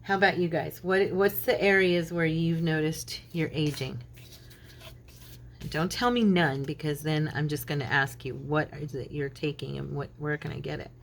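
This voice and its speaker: A woman's voice: sits low, steady tone, moderate pace, creaky, a little hiss or hum. A middle-aged woman chatting casually while she crafts, telling stories and laughing often. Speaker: crafting channel host; minister.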